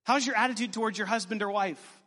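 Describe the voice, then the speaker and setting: A man, a pastor, preaching a sermon to his congregation with animated, joking asides. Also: sits high, quick pace. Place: church sanctuary. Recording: long reverb in a church hall.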